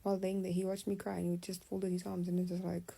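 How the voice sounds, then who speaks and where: A woman's voice: lowish voice, quick pace, gravelly, slight background noise, low-quality recording. A young adult woman, telling a personal story in casual storytime style, often dropping to a half-whisper. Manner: confiding, animated retelling, often half-whispered.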